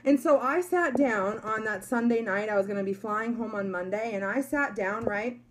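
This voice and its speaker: Young woman, slightly high voice, chatty motivational vlogger. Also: moderate pace. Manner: chatty, emphatic, many likes and you guys. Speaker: network marketer. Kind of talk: motivational talk to followers.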